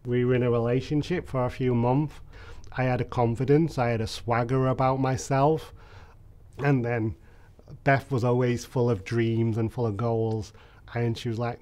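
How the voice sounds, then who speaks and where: A man's voice: medium pitch, level tone, moderate pace. Candid man in his thirties. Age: 30s. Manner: candid and reflective, with frequent soft fillers. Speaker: interviewee. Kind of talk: personal storytelling interview.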